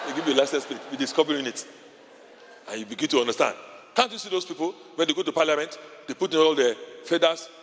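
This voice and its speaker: A man preaching a sermon as pastor, telling stories with sudden shouts and laughter. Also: on the high side. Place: large church hall. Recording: long hall reverb.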